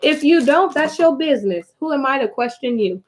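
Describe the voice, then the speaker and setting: Woman, slightly high voice, casual live-stream host, reads aloud, chatty, digressive asides. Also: expressive, moderate pace. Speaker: host reading aloud to viewers.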